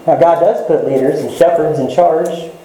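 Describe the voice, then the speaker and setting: Earnest preacher in a very echoey church. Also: male voice, fairly high pitch, normal speed, dark tone, a little hiss or hum. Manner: earnest, repeats key phrases, addresses listeners as loved ones. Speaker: pastor. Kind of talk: sermon.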